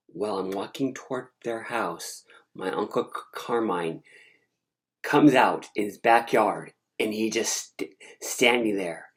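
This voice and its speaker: A woman casually recounting a dream in an animated, rambling, digressive way. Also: rumbling low. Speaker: storyteller. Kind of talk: casual storytelling.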